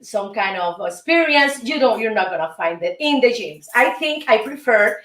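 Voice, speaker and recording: A woman's voice: fairly high pitch, animated, moderate pace, a bit bright, echoey room, far from the mic, rough recording. Cuban-accented woman teaching salsa, counting beats. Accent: Cuban Spanish. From Cuba. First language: Spanish. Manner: counting beats, chanting "pa pa" rhythms. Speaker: host and dance teacher. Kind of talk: salsa dance lesson.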